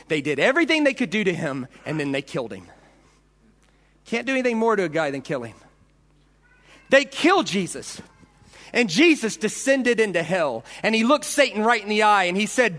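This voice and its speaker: A man's voice: high voice, big pitch swings, normal speed, long pauses, a bit bright. A man preaching a storytelling sermon, dramatic, acting out voices and punches. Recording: long hall reverb.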